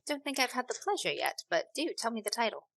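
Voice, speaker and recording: A woman's voice: fairly high pitch, sing-song, fast, gravelly, a bit bright, no echo, exaggerated voice. Woman doing a seductive Scottish patroness. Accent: light Scottish. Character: poised, seductive woman art patron hosting soirees.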